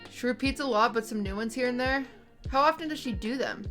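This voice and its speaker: A woman's voice: on the high side, fairly quick, a bit bright, soft background music. A woman livestreamer chatting with her audience from home at night, blunt and exasperated, swearing freely. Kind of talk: casual chat to a stream audience. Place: home at night, roommates nearby.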